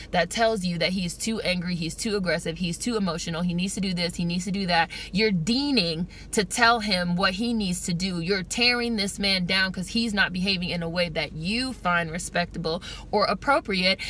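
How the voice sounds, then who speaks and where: An American woman records a car vlog rant with a bright, cutting voice. She talks fast and emphatic, swearing freely as she drives each point home. A faint hum of the car runs underneath. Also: medium pitch. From United States. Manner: emphatic, profane, fast-talking. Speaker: vlogger.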